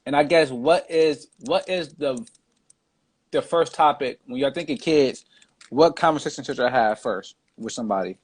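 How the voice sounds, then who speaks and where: A man's voice: mid-range voice, moderate pace. A man hosting a casual podcast chat, reading out viewer comments in a laid-back way. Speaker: podcast host.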